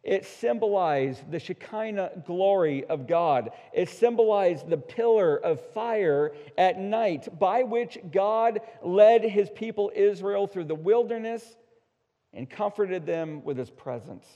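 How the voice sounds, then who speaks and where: A male pastor preaching an emphatic sermon, swinging between hushed asides and loud, slowed-down declarations. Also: high voice. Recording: dull sound with long hall reverb.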